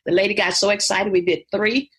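A woman's voice: medium pitch, steady tone, fairly quick, a bit bright, slightly rough. A woman motivational speaker and author talking in an interview, emphatic and preacherly, laughing easily. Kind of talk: interview conversation.

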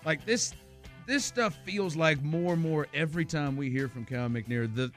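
A man's voice: a little high, normal speed, a bit bright, soft background music. A man hosting sports talk radio, chatting in an upbeat, conversational way and reading out scores.

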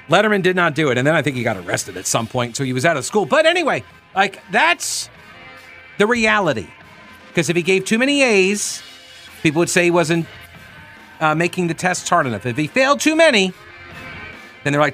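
Animated talk-radio host, man. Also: a little high, fairly quick, no echo, faint music behind. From New York, Long Island. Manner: animated storytelling with rhetorical questions.

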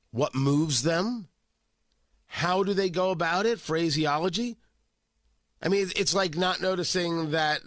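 A male talk radio host with a lively, swooping delivery and a pitch a bit above the usual for a man. He is sarcastic and opinionated, stumbling and repeating words as he goes, and sounds a touch stuffy. The studio sound is dry and close. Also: dry recording. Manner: animated, sarcastic, frequent repetitions and restarts. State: stuffy from a cold.

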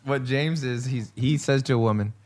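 A man's voice: mid-range voice, normal speed, a little mellow. Rambling male podcast host. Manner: rambling storyteller, acts out quotes. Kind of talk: casual chat.

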